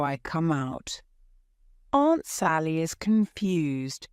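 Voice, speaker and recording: A woman narrating a graded-reader story in the first person with a clear, expressive reading. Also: low-pitched, takes it slowly, no room sound, studio quality. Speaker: audiobook narrator.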